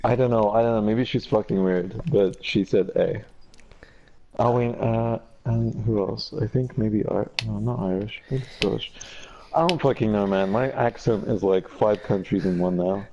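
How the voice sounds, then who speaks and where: A man from Canada chatting casually with friends while gaming, excitable and swearing a lot. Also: lowish voice, moderate pace, gravelly, lo-fi sound, background noise. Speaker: gamer.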